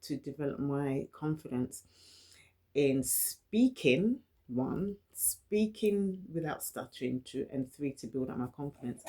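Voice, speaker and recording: A woman's voice: deep voice, mellow. A woman from London with a London accent talks candidly to camera in a personal vlog. She stutters, often repeats words and restarts her phrases, and speaks in an earnest, encouraging way. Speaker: vlogger. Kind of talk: personal reflective talk to camera.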